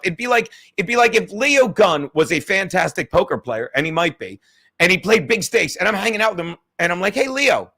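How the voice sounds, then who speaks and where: A man's voice: sits high, bright, forceful tone. A middle-aged man hosting a livestream, ranting profanely and reading out viewer chats. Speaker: livestream host.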